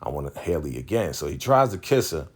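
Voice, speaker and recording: A man's voice: extremely low pitch, slightly rough. A man casually recapping a TV episode, retelling scenes and acting out the characters' dialogue in slang-heavy speech. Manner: animated, acts out dialogue in quick character voices. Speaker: TV recap vlogger.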